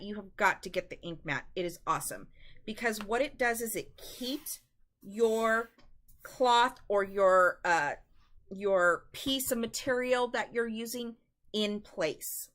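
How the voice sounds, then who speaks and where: A woman's voice: on the high side, pushed and bright. A woman hosting a live-stream craft demonstration, chatty and instructive, often calling her viewers "guys.".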